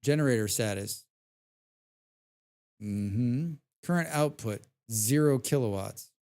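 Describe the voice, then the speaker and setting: A man's voice: mid-range voice, expressive, slow pace, darkish tone, smooth. Man muttering and humming through a game stream. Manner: muttering, humming and swearing while playing. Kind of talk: casual live-stream commentary. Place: home.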